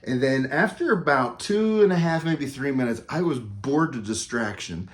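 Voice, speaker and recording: A man telling a casual anecdote as a tribute, animated and rambling, with many fillers and self-corrections and an easy, self-amused humor. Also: medium pitch, normal speed. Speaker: storyteller giving a recorded tribute.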